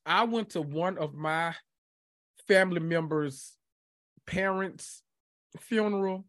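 A man chatting casually on a podcast, telling lively stories and acting out his own reactions. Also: high-pitched, takes it slowly, dry recording, studio quality. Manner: animated storyteller, acts out his own reactions. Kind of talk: casual chat.

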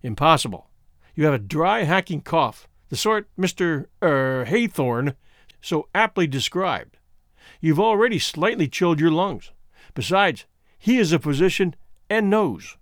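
A man reading a story aloud, voicing an abandoned husband who speaks in a calm, measured, dryly polite way. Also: on the high side, dry recording, clean studio sound. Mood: calmly ironic. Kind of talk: audiobook reading.

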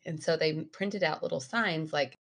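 Wry woman podcast co-host, lowish voice. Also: gravelly. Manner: wry, quick quips, animated storytelling. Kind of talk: casual chat.

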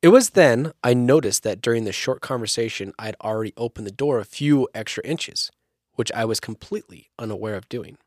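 A man's voice: mid-range voice, animated, a little fast, darkish tone, no echo, studio quality. A man hosting a podcast, reading a creepy story aloud in a storytelling narration with jokey asides. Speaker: podcast host.

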